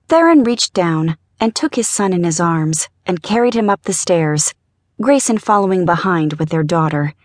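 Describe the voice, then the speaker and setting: A woman narrating a young-adult fantasy audiobook in a gentle, measured reading. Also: fairly low pitch, dry recording, clean studio sound. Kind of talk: scripted narration.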